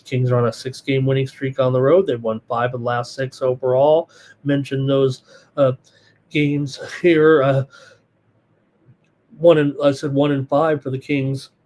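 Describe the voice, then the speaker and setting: A man's voice: medium pitch, a little mellow. A middle-aged man hosting a live sports betting show, rambling through picks and viewer chat with lots of fillers and restarts. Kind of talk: live solo betting analysis, reading chat.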